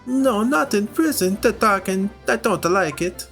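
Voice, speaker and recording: A man's voice: high voice, lively intonation, measured pace, vocal fry, fairly bright tone, faint music behind, voice pushed up, exaggerated voice. A man voicing a bumbling, boastful thief in a game, with a clumsy put-on French-Italian accent. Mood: blustering. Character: bumbling redheaded male thief, boastful and cowardly.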